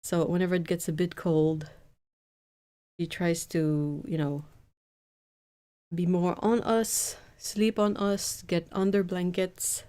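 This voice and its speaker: A woman's voice: fairly low pitch, steady tone, slow pace, long pauses, warm tone, smooth. A woman chatting casually on a live stream from her home painting desk, rambling with frequent restarts. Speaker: art streamer.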